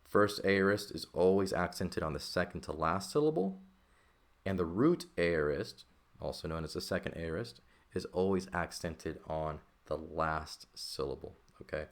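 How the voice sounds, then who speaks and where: A man's voice: low voice, lively intonation, normal speed. A man teaching a recorded language lesson, explaining step by step, checking in with the listener and correcting himself as he goes. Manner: explanatory, checks in with "okay" and "right"; thinks aloud, self-correcting. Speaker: Greek teacher.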